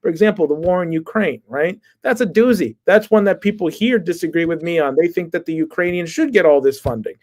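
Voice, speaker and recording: A man's voice: a little high, animated, brisk, hardly any pauses, darkish tone. Earnest man, a candidate explaining. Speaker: congressional candidate guest. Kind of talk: interview answer. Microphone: remote stream call.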